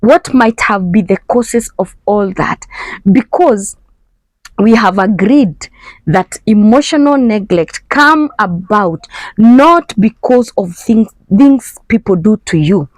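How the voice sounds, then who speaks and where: A woman's voice: mid-range voice, lively intonation, takes it slowly, no echo, low-quality recording. Earnest woman giving a parenting talk. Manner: repetitive, emphatic, acts out inner voices. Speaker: foster mom and parenting speaker.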